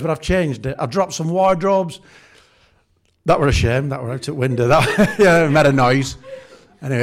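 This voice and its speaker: A man preaching a humorous sermon, telling chatty everyday stories and acting out the scenes. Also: fairly high pitch. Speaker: pastor.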